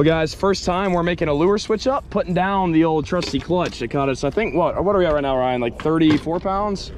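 A young man hosting a fishing vlog outdoors, joking and excitable, shouting when a fish is on. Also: sits high, noisy background. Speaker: fishing video host. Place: outdoors on the water.

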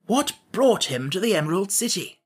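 A man's voice: high voice, very animated, moderate pace, breathy edge, pitched above the performer's own voice, full character voice. A man voicing a vain, touchy straw king who lectures in a grand manner, in a storybook audiobook. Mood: haughty. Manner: grand, lecturing, easily flustered. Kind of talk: audiobook character voice.

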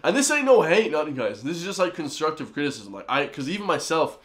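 A young man from Ireland with an Irish accent tinged American, reacting to a comedy clip for his channel, excitable and slangy. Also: fairly high pitch, fast. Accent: Irish with an American influence. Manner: excitable, slangy, addresses viewers as guys and bro. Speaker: YouTube reaction host. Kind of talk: reaction commentary.

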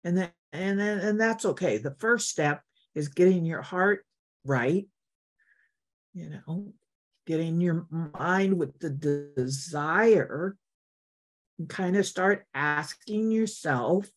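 A woman's voice: fairly low pitch, slow pace. An older woman giving a heartfelt, encouraging talk to an online meditation group over a video call, earnest and repeating herself for emphasis. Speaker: guest speaker.

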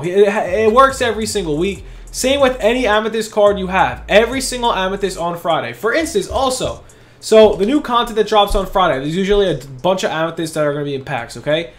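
A young man giving casual, hyped commentary over his gameplay, talking quickly and often repeating himself, a bit out of breath. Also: high-pitched. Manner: fast, hyped, repeats words while talking. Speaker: gaming YouTuber.

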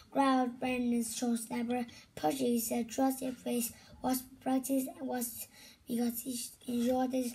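A woman reading a children's storybook aloud, slowly and haltingly, with restarts. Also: a little high, little pitch movement, vocal fry, warm tone, rough recording. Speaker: reader.

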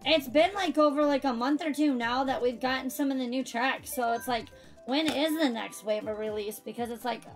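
Here a woman's high voice moves at a moderate pace as she races in a live-streamed game. She's bubbly and chatty with her friends and viewers, laughing a lot over background music.

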